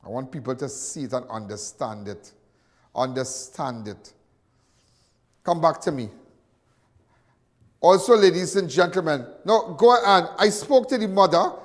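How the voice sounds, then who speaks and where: A Trinidadian man hosting a live crime call-in show, animated and repetitive. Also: a little high, normal speed, long reverb tail. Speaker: talk show host.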